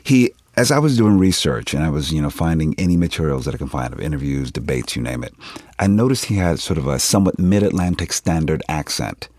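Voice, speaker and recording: A man from Philadelphia, an actor, chatting in an interview, telling stories with animated quotes and frequent laughs. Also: extremely low pitch, fairly quick, dry recording. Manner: animated storyteller, laughs often, acts out quotes. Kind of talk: casual interview chat.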